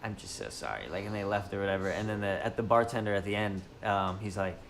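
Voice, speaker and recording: Young man, casual podcast chat, easygoing, laughs often, low voice, faint background noise. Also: level tone, fairly bright tone. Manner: easygoing, laughs often, quick agreeing replies. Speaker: podcast co-host.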